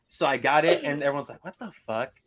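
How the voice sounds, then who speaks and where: A man from Chicago, co-hosting a casual show, telling a story in an animated way, swearing and acting out what people said. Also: on the high side, quick pace, slight background noise. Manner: animated, swearing, acts out quotes. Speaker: podcast co-host.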